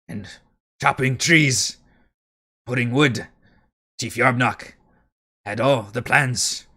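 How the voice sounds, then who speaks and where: A boastful goblin rumbles slowly in short, broken phrases, his voice low and bright-edged, as a man puts him on. He drags out each word with simple grammar and a lot of pride. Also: slightly rough, full character voice. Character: proud adult male goblin with broken speech.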